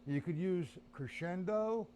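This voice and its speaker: A man's voice: high voice, a little slow, mellow, a little hiss or hum. A man teaching drums on a live stream, counting beats aloud while he plays and chatting to viewers. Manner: chatty, addresses viewers as guys. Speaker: drum teacher. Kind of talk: live-streamed drum lesson.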